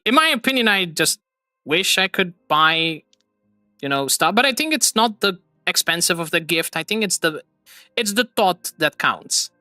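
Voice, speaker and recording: Bright-voiced earnest male streamer. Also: on the high side, smooth, dry recording. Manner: earnest, rambling with restarts and laughs. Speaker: streamer host. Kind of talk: casual chat.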